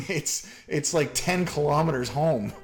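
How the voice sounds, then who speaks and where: A man's voice: fairly high pitch, lively intonation, unhurried, faint music behind. A man from Canada hosting a casual chat, rambling through a story with lots of fillers. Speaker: podcast host.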